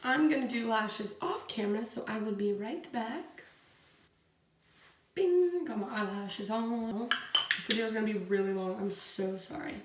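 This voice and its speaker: Young woman chatting thru her makeup routine, says like constantly, kinda high voice, bit far from the mic. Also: measured pace. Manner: chatty storytelling, fills with "like" constantly. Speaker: beauty vlogger. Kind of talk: casual chat while doing makeup. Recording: roomy, from a distance, faint hiss.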